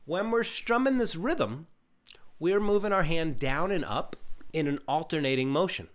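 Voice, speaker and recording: A man teaching a live ukulele lesson in a calm, encouraging, gently meditative way. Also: fairly high pitch, moderate pace. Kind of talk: live-streamed music lesson.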